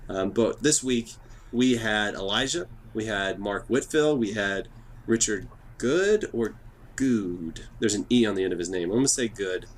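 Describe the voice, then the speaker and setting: A man from Texas hosting a podcast, hyped up, fast-talking and joking. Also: lowish voice. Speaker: podcast host. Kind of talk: casual chat.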